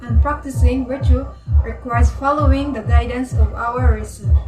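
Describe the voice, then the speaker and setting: A woman's voice: on the high side, steady tone, moderate pace. Woman narrating in an echoey room. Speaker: student presenter. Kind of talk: scripted explanatory narration. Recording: echoey, far from the mic, music behind.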